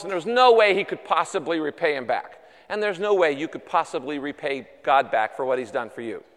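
A man's voice: sits high, a bit bright, clear, resonant tone. A man preaching a sermon, conversational and emphatic, acting out the people he quotes. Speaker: pastor. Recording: long hall reverb.

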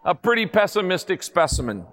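A male pastor preaching a sermon in a lively, humorous manner, full of rhetorical questions to the congregation. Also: high voice, brisk. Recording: long hall reverb.

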